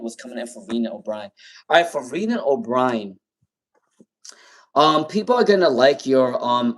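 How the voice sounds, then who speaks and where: A man doing live tarot readings on a stream, rambling and repeating viewers' names with many ums. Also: mid-range voice. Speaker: tarot reader.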